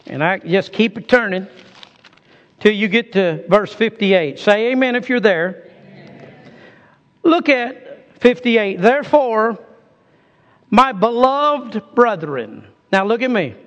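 A man's voice: high voice, measured pace, pauses often, in a large hall, highs cut off. A man preaching a sermon in a folksy way, calling on his congregation to answer back.

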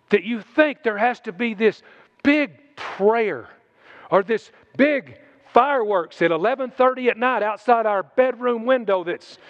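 A man's voice: extremely high pitch, dull audio. A man preaching a sermon in a folksy, conversational way, mixing in humor.

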